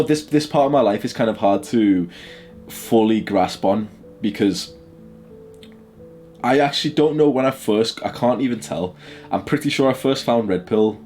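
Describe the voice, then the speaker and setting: A man's voice: on the low side, darkish tone. Blunt, crude man in his twenties. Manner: blunt, crude, laughs a lot. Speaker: channel host. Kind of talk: casual chat.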